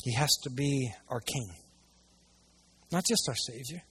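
A man preaching a sermon to a church audience, swinging between hushed asides and loud, emphatic passages. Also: mid-range voice, a little slow, breathy edge. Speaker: pastor.

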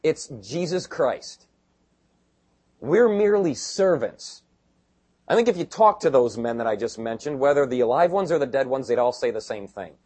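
Middle-aged male pastor, husky voice, lively swinging delivery, jokey and conversational, acts out quick asides. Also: mid-range voice. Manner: conversational, joking, mimics people in quick asides. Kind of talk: sermon.

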